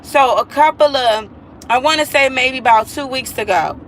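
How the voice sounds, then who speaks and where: A woman's voice: high voice, moderate pace, a little hiss or hum, poor audio. A mother talking to viewers in a casual vlog monologue, earnest and emphatic, repeating herself and pleading with listeners.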